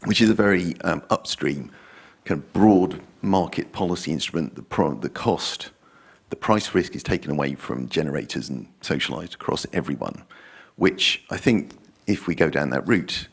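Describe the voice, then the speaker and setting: Man asking from audience, very deep, gravelly, husky. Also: animated, normal speed. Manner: technical, rambling. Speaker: audience member asking a question. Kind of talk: question from the audience.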